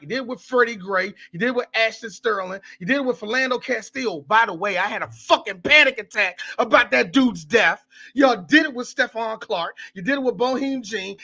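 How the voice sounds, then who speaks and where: A man co-hosting a podcast, talking in heated, profane bursts that swing up and down in pitch. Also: gravelly, pushed and bright, highs cut off. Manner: impassioned, profane, sweeping in pitch. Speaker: podcast co-host. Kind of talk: heated casual discussion.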